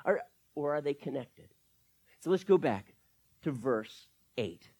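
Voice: mid-range voice, lively intonation, slow pace, dark tone, slightly rough. A pastor preaching a sermon, working through scripture verse by verse and asking the listeners rhetorical questions.

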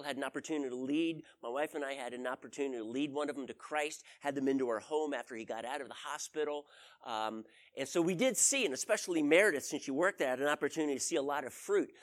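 In a conversational sermon, a preacher with a fairly high, slightly bright voice shares stories and keeps asking his audience questions.

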